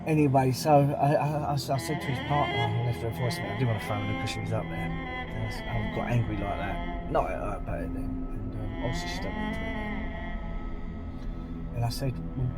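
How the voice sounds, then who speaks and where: Blunt, rambling man. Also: medium pitch. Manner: rambling, blunt and plain-spoken. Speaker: vlogger. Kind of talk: casual vlog monologue.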